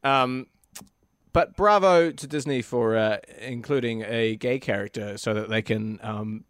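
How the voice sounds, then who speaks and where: A man co-hosting a casual podcast, making dry, deadpan remarks. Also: medium pitch, measured pace, no room sound. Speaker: podcast co-host. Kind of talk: casual chat.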